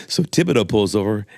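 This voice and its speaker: A man's voice: on the low side, creaky, no echo, clean studio sound. A middle-aged man from Louisiana, a pastor and guest telling folksy stories in a casual interview. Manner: folksy storyteller, laughs easily.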